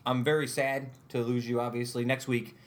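A man's voice: mid-range voice, level tone, normal speed, slight background noise. A man hosting a casual podcast chat, loose and joking, with a lot of filler words. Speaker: podcast host.

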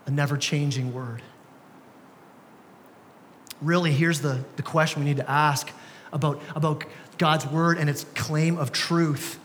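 A man's voice: a little high, moderate pace, a little hiss or hum. A young man preaching a sermon as pastor, talking conversationally with casual slang and frequent restarts. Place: church sanctuary. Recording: church hall with long reverb.

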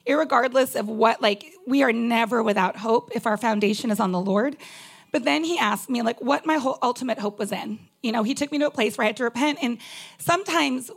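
A woman pastor preaches in a candid, conversational way, filling her talk with asides and fillers. Her voice sits a little high and carries a gravelly fry, and she is holding back tears. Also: a little fast. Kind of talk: personal sermon.

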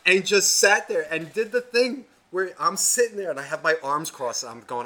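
A man co-hosting a podcast, telling a rambling story in casual chat, profane and animated. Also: high voice, moderate pace, hardly any pauses. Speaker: podcast co-host.

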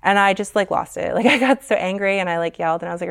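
A young woman talking as a guest, telling a personal story frankly, with halting pauses and many fillers. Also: medium pitch, gravelly.

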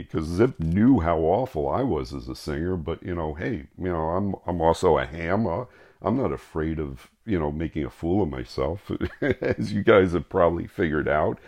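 A middle-aged man hosting a podcast, talking casually in a flat, monotone way with many fillers and restarts as he answers listener questions. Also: low voice, vocal fry.

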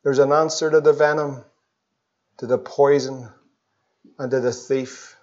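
A man preaching an evangelistic sermon, swinging between loud pleas and hushed tones. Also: mid-range voice, fairly even intonation, measured pace. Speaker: pastor. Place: church. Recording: dull lo-fi sermon recording.

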